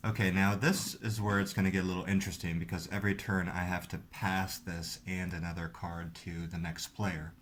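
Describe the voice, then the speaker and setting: A man's voice: deep voice, level tone, brisk, hardly any pauses, a little hiss or hum. A man hosting a video, casually explaining the rules of a card game step by step. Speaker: host.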